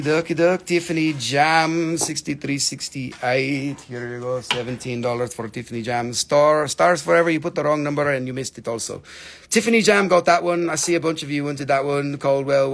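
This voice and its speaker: A man running a live sales stream, joking, swearing and excitable, while he is losing his voice. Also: a little high, creaky.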